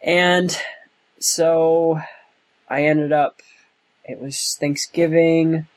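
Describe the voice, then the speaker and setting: A young man being interviewed, talking in a slow, thoughtful way with many pauses and restarts. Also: on the high side, steady tone, poor audio. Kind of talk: oral history interview.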